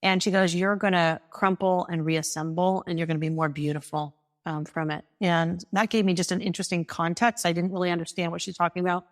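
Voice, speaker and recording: Lively low-voiced storytelling woman. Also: a little fast. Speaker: guest, author. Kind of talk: storytelling in conversation.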